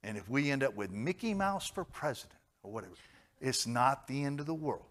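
A pastor preaching a sermon, swinging between loud, emphatic outbursts and quiet, gentle asides. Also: male voice, mid-range voice, expressive, a little fast.

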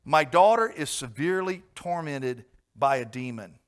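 A man's voice: fairly high pitch, animated, normal speed, lightly acted. A man voicing a desperate Canaanite mother who begs insistently for help, in a sermon retelling. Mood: pleading. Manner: begging, insistent.

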